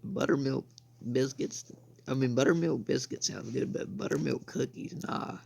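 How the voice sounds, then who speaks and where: A man's voice: mid-range voice, normal speed, vocal fry, darkish tone, husky. A young man from the United States rambling through casual gameplay commentary, saying "I mean" and "bro" again and again. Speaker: gaming channel host.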